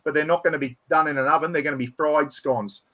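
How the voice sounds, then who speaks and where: A man's voice: on the high side, steady tone, fast, pushed and bright. A man hosting a casual chat, talking in a chatty, enthusiastic, rambling way. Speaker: host.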